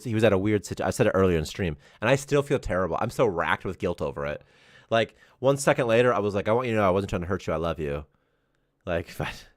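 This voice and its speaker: A man in his thirties chats loosely on a live stream, spinning rambling stories and breaking into laughter. His voice sits on the lower side, but his pitch leaps about with animated energy. The sound is close and dry, with no room around it. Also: no echo. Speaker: game developer co-hosting a dev stream. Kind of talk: casual chat on a live stream.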